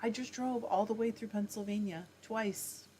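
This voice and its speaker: A woman's voice: mid-range voice, steady tone, moderate pace, dark tone, a little hiss or hum. A woman hosting a casual livestream, reading viewer comments aloud and answering them in a chatty way. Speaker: livestream host reading chat. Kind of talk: casual live chat. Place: home, fiber arts livestream.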